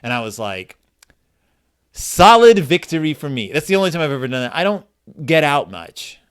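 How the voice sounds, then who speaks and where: A man's voice: medium pitch, big pitch swings, fast, a bit bright, clean tone. A middle-aged man hosting a podcast, reading a children's book aloud with wry, self-deprecating commentary and mumbled asides. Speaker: podcast host.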